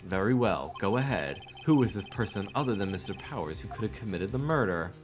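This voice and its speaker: A stern old judge hands down formal, deliberate rulings in a deep, gruff voice, as a man reads him aloud. The tone is measured and official. It is a video game character read during a stream. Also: animated, over music, close to an everyday voice. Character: stern older male courtroom judge.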